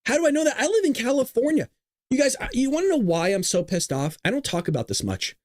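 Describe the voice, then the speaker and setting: A man's voice: high voice, no echo. A man hosting a political livestream and ranting heatedly, with a lot of swearing, recorded in a small closet. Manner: fired-up, profane, ranting. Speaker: host of a political livestream show. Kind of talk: live-streamed rant.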